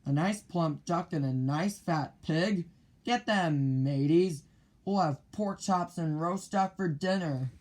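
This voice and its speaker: A man voicing Ben Ali, a greedy, loud adult male pirate captain who bellows threats, in a children's storybook reading. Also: slow. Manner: booming, threatening shouts.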